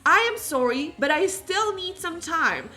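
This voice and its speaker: A woman's voice: very high voice, expressive, unhurried, pushed and bright, pitched above the performer's own voice, heavily acted. A woman voicing an anxious young man character in a life-simulation game, who talks hesitantly and apologetically. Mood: defensive. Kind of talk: improvised game character dialogue.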